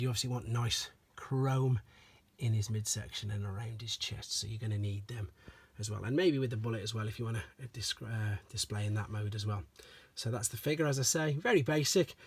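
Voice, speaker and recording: A man with a mid-range, slightly rough voice does a casual show-and-tell review of collectible toys. He's chatty and relaxed, often repeating stock phrases like "as I say."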